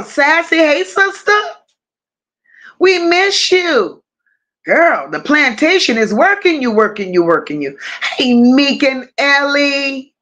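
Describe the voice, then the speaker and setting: A woman hosting a casual livestream, greeting her chat one by one with drawling, affectionate shout-outs. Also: sits high. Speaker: livestream host.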